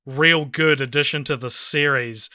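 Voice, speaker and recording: A man's voice: a little high, steady tone, unhurried, pushed and bright, dry recording, clean studio sound. A man co-hosting a casual film podcast, laying out opinionated arguments at length. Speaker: podcast co-host.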